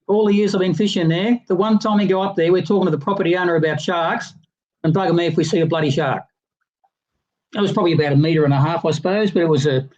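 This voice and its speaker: Rambling man on a muffled call. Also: high-pitched. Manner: rambling, animated anecdote teller with many restarts. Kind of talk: casual storytelling on a livestream chat.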